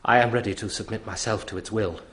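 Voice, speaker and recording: An actor playing a sorrowful, resigned emperor speaking quietly and gravely in a radio drama. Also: male voice, fairly low pitch, steady tone, fast, natural voice.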